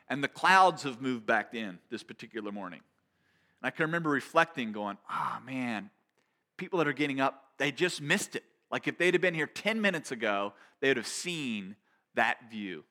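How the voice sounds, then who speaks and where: Man, pastor, sermon, earnest storytelling, bright voice. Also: medium pitch. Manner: conversational storytelling, animated and earnest.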